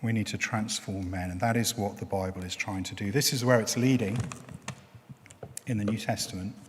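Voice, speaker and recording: A man's voice: fairly low pitch, steady tone, moderate pace, a little hiss or hum. A middle-aged man preaching a sermon in a chatty, explaining way, using everyday examples. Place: church. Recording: long reverb of a church hall.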